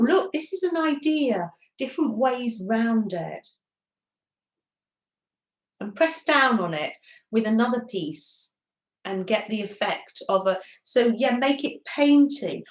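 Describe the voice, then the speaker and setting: A middle-aged woman hosting a craft live stream, chatting casually and reading out viewers' comments. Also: a little high. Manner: chatty, warm greetings to viewers. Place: indoors at a craft desk. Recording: echoey room.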